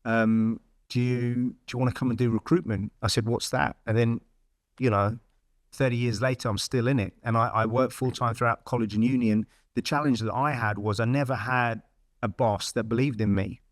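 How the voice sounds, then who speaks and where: A man's voice: medium pitch, normal speed, no room sound, studio quality. A middle-aged man frankly telling his career story in a casual interview. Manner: blunt, frank, lively retelling with quoted dialogue. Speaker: podcast guest.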